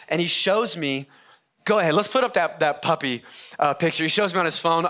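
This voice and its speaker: Bright-voiced pastor telling a story. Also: male voice, fairly high pitch, fairly quick. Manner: conversational, self-interrupting storytelling with humor. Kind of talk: sermon. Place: church sanctuary.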